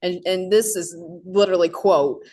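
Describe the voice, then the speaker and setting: A woman co-hosting a casual podcast chat with an exasperated, expressive manner. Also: fairly low pitch, normal speed. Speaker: podcast co-host.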